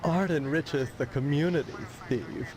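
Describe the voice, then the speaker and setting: A man's voice: a little high, a little slow, darkish tone, faint music behind, close to an everyday voice. An actor playing a pompous male fire chief in a video game, who lectures in a lofty, theatrical, condescending way. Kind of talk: full-motion video game acting. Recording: noisy game audio.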